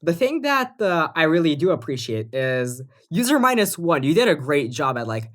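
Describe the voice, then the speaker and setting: A woman's voice: low-pitched, very animated, moderate pace. A woman co-hosting a podcast in casual chat, rambling with lots of fillers and restarts. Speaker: podcast co-host and music producer.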